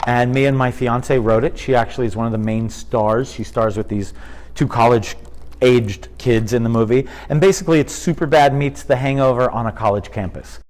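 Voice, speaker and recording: A man in his fifties, a comedian chatting in an interview, telling animated stories and slipping into impressions. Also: mid-range voice, moderate pace. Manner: animated storyteller, drops into impressions. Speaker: comedian guest. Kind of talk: casual interview chat.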